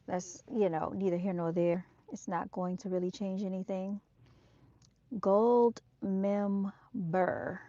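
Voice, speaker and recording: A woman's voice: on the low side, dark tone. A woman chatting casually on a live stream from an outdoor motorcycle show, speaking straight to her viewers on her phone. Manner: chatty and direct, calls viewers "y'all". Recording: dull, dry lo-fi sound.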